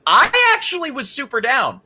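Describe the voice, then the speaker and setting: A man co-hosting a casual podcast, telling a story with lots of laughter and excited jumps in his voice. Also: moderate pace, background noise. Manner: animated storyteller, laughs often and jumps high in pitch.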